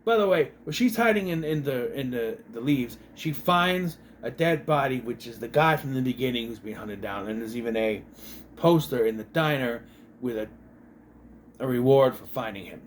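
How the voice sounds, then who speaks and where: A man's voice: medium pitch, lively intonation, normal speed, a little hiss or hum. A man giving a casual, exasperated movie review, swearing freely and acting out lines from the film.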